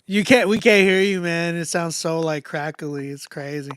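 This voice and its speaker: High-voiced man hosting a casual livestream. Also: normal speed, clean tone, dry recording. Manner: animated, laughs often, repeats himself. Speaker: livestream host critiquing music. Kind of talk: casual live chat.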